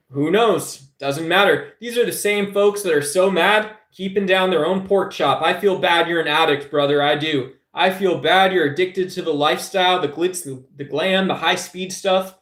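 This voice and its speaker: A man's voice: high-pitched, normal speed, few pauses, a bit bright. Rambling male streamer in an echoey room. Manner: rambling, preachy, calls listeners brother. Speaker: live stream host. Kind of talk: casual political rant to chat.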